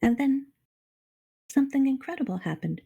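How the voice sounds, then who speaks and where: A middle-aged woman reading a children's novel aloud on a charity livestream, expressive and addressing the reader directly. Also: high voice, moderate pace, gravelly, slight background noise. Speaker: storybook reader on a charity stream.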